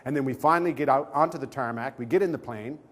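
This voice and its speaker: A man's voice: medium pitch, quick pace. A male comedian telling a comic anecdote on a talk show, acting out the voices of the people in it. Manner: animated storytelling, acting out quoted voices.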